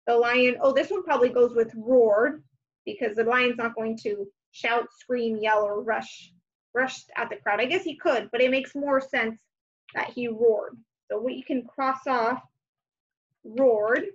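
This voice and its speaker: A woman teacher walking young children through homework, thinking aloud with gentle hums and fillers. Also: fairly high pitch, unhurried, highs cut off.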